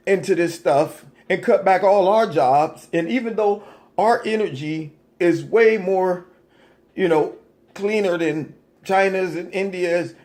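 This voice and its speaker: A man's voice: on the high side, a little mellow. A man vlogging, reading items off a list and reacting with mock outrage, ironic and loose with casual slang. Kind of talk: sarcastic political commentary reading from a list.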